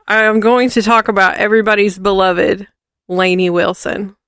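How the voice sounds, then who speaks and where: A woman with a Southern US accent, co-hosting a podcast in casual, teasing, animated chat. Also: mid-range voice, normal speed, clear, resonant tone, dry recording, clean studio sound. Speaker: podcast co-host.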